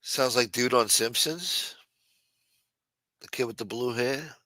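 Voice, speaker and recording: A man's voice: mid-range voice, slow, sharp tone, no echo. A man hosting a casual live stream, rambling and swearing, reading chat aloud and acting out quotes in a raised voice.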